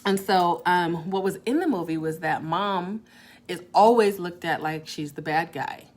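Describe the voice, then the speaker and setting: A middle-aged woman hosting a casual live-stream chat about parenting, talking in an animated way with quick asides and frequent laughs. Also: lowish voice. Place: her salon suite.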